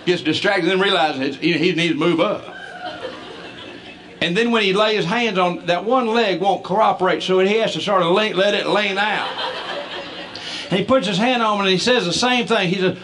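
A man telling family stories as a comedian, folksy and quick to laugh. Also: sits high. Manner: folksy, stumbling restarts, laughing through stories. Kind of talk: stand-up storytelling.

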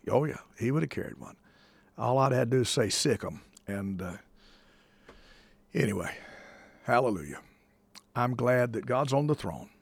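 A man's voice: fairly low pitch, gravelly, husky, no echo. A man hosting a call-in show, talking in an emphatic, folksy way and repeating himself for stress, with touches of a preacher. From United States. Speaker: host taking calls. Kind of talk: casual on-air talk with preacherly touches.

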